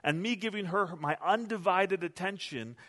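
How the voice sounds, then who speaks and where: A man's voice: sits high, moderate pace, a bit bright, in a large hall. A male pastor preaching a sermon in a conversational, self-deprecating storytelling way, recorded in a church sanctuary.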